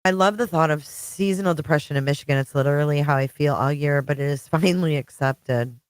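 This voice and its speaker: A woman's voice: sits low, brisk, clear, resonant tone, no echo. A middle-aged woman hosting a casual livestream, chatting with viewers and greeting them by name. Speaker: livestream host. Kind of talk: casual live-chat stream.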